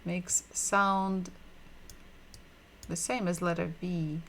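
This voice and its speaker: A woman giving a livestreamed language lesson, patiently repeating sounds and words slowly so learners can drill them. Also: fairly low pitch, level tone, fairly bright tone, a little hiss or hum. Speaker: Russian language teacher.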